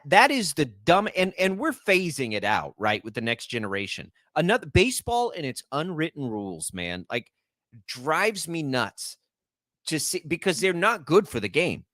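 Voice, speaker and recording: A man's voice: a little high, sing-song, moderate pace, fairly bright tone, no echo, clean studio sound. A young man hosting sports talk radio, arguing emphatically and ranting about the game.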